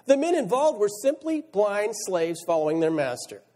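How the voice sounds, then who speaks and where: A man's voice: sits high, sing-song, normal speed, warm tone. A male pastor preaching a sermon, reading scripture aloud and asking rhetorical questions. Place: church sanctuary. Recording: church hall reverb.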